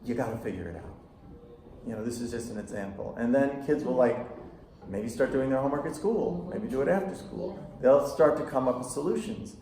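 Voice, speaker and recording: A middle-aged man, a psychotherapist, giving a casual workshop talk to parents, telling animated anecdotes and acting out quoted lines. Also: mid-range voice, a little fast, a little hiss or hum. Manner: anecdotal, animated storytelling with acted-out quotes and laughter. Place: school room with audience. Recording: echoey room recording.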